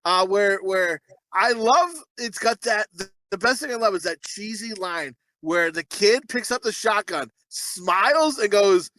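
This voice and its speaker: A man's voice: high-pitched, measured pace, pushed and bright. A man co-hosting a casual movie podcast, rambling and laughing as he cracks crude jokes. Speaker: podcast co-host.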